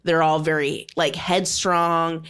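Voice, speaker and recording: Woman podcast host, slow easygoing delivery, lowish voice, lots of agreeing. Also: level tone, a bit bright, clear, resonant tone. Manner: laid-back, frequent agreeing "yeah"s. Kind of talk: casual chat.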